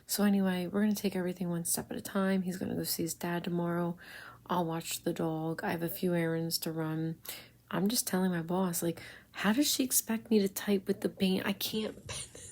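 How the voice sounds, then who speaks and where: A woman's voice: fairly low pitch, little pitch movement, fairly quick, a little mellow. A woman telling a rambling story in a casual vlog, swearing often, breaking into giggles and sometimes dropping to a whisper. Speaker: vlogger.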